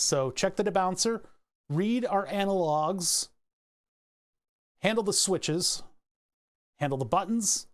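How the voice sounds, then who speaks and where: Chatty man walking through his code. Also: high-pitched. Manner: rambling, self-correcting, laughs at himself. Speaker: hobbyist electronics maker. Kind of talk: casual code walkthrough.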